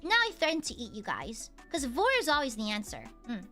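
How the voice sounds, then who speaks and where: Bright, lively streamer woman with a cough. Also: a little high, brisk, faint music behind. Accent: slight American Southern. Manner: playful, teasing, bursts into shouting. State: lingering cough. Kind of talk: casual live-stream chat.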